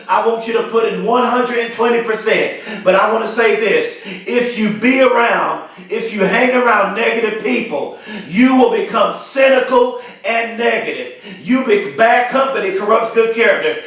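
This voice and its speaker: A man with a high-pitched voice gives a fervent motivational speech and repeats key phrases for emphasis. He sounds excited and emphatic. The sound bounces around a very echoey space, with the mic set well back from him. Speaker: motivational speaker. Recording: very echoey, mic far from speaker.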